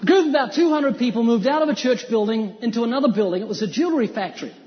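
A man from New Zealand preaches with a fairly high voice, quoting scripture and briefly acting out the people in his stories. His voice rings through a large hall with a long reverb, and the recording sounds muffled and dull. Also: animated, very fast, a little hiss or hum. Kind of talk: sermon.

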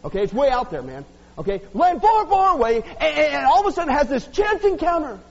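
A man's voice: very high-pitched, sing-song, quick pace, creaky. A man pastor preaching a sermon in a joking, sarcastic way to his congregation. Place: church hall. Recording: dull lo-fi audio with long hall reverb.

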